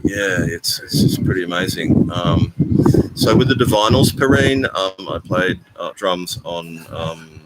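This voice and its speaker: An older man chatting casually on a live stream, rambling and halting with many ums and restarts. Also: sits low. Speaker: vlogger hosting a live stream. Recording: noisy live-stream phone audio.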